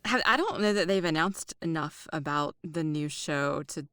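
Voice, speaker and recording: A woman in a casual podcast chat, easygoing and quick to laugh at herself. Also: low voice, sharp tone, dry recording, clean studio sound. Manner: self-deprecating and easygoing. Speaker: podcast co-host.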